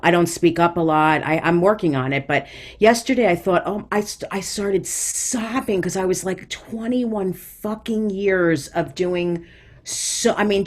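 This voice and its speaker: A woman comedian in her forties, a guest talking candidly and self-deprecatingly in quick bursts. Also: fairly low pitch. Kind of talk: casual interview chat.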